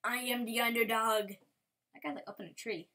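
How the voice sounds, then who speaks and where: A woman's voice: fairly high pitch, steady tone, fairly quick, sharp tone. A woman giving casual game commentary, giggly and rambling, with playful sing-song bits. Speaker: gameplay commentator.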